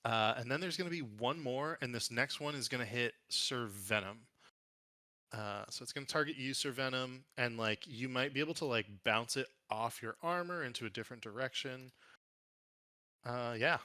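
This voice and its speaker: A man's voice: mid-range voice, moderate pace, sharp tone, no echo. A man running a tabletop game as game master, thinking aloud in a casual, hesitant way.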